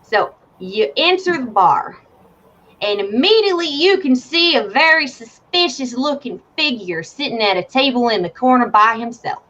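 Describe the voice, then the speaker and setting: A woman's voice: fairly high pitch, expressive, moderate pace, a bit bright. A woman doing an exasperated male game master. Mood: storytelling. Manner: exasperated, bossy. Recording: dull lo-fi with faint hiss.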